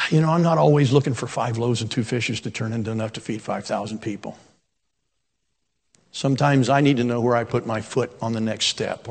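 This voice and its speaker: An older man in his sixties preaching in a folksy, storytelling manner. His voice sits at an ordinary middle pitch and climbs to emphatic peaks. A long reverb trails his words as if from a church sanctuary. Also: gravelly. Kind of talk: sermon.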